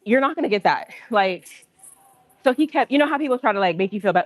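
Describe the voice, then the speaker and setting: A woman telling a story on a livestream in an indignant, animated way, acting out what people said. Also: medium pitch, quick pace, no room sound. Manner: indignant, animated, acts out quotes. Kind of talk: casual storytelling rant.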